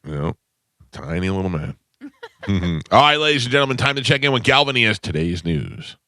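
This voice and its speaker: A man's voice: on the low side, sing-song, normal speed, bright, forceful tone. A man hosting a morning radio show in casual banter, blunt and opinionated, grumbling and mocking people. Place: radio studio.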